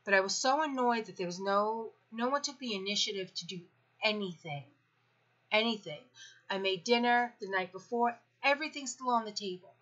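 A woman's voice: mid-range voice, bright, forceful tone, highs cut off. A woman in her fifties venting candidly about family life, blunt and profane with a sarcastic edge. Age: 50s. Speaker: parenting vlogger.

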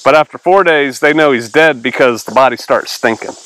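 A man's voice: mid-range voice, brisk, a bit bright, low-quality recording. A male pastor giving a casual Bible teaching, reading verses aloud and explaining them in a conversational way.

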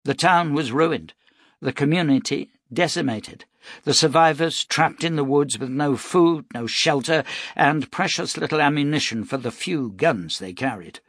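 A man narrating an audiobook in a steady, measured storytelling voice. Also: on the high side, dry recording, clean studio sound.

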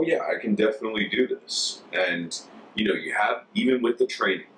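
Young American man, former volunteer; casual, relaxed storyteller; bright, forceful tone; faint room noise. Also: sits low. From United States. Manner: relaxed, chatty, full of "like". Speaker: former Peace Corps volunteer. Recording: distant mic with faint ambience.

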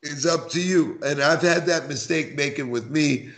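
A man from New York City, a podcast guest, talking in an animated, barky way and acting out quoted lines. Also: on the high side, moderate pace, creaky. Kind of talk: casual podcast conversation.

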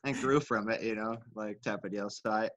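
A man's voice: on the low side, steady tone, moderate pace, a bit bright, dull audio, slight background noise. A man casually telling a rambling, profane story on a podcast. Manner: laid-back, profane, rambling. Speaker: podcast co-host.

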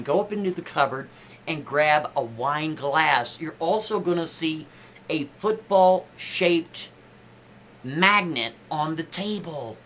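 A desperate trapped woman, as a man puts her on begs for help in a soft, urgent voice, repeating herself again and again. She sounds fairly high. A faint hiss sits under the recording. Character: desperate woman stuck in a table, pleading.

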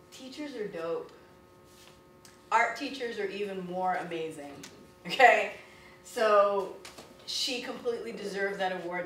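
An exuberant woman teaching artist shares stories from her career in a casual, animated way. Her voice sits a little away from the mic and echoes in a roomy space, with faint noise behind her. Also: mid-range voice. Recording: echoey room from a distance.

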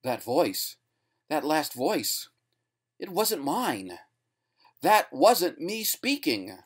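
A frightened male ventriloquist who pleads in a strained, shaky voice, acted out by a man. His pitch sits higher than a plain reading voice, and he keeps pushing for belief. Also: sing-song, moderate pace, lightly acted. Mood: panicked. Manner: pleading, strained, rising to screams.

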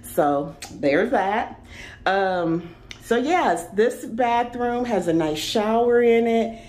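A woman's voice: on the high side, expressive, takes it slowly, darkish tone. A young adult woman vlogging casually as she walks through her apartment, chatting enthusiastically and straight to her viewers. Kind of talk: casual apartment tour vlog. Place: indoors in an apartment, walking room to room.

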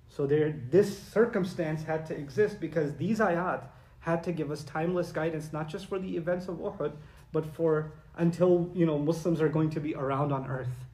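A high-voiced male Islamic preacher delivers a lecture-style sermon in an animated, conversational way. He acts out quoted voices and recites Arabic verses and sources. The sound is reverberant.

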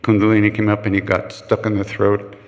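An older man, a chant leader taking questions, speaks briskly in a low-leaning, monotone voice. His casual storytelling to a live retreat-hall audience is frank and joking, with quoted voices acted out, and the big room's long reverb is audible.

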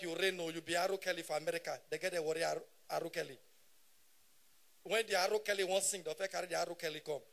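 High-voiced Nigerian stand-up comedian. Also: male voice, vocal fry. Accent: Nigerian Pidgin English. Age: 30s. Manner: animated, shouting punchlines in bursts. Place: stage at a live show.

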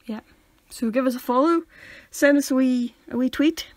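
A woman's voice: high-pitched, moderate pace, no room sound. A young woman from near Derry with a Northern Irish accent, co-hosting a casual podcast and telling stories with acted-out quotes and lots of laughter. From Northern Ireland. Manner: animated storyteller, acts out quotes, laughs a lot. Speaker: podcast co-host. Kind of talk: casual chat.

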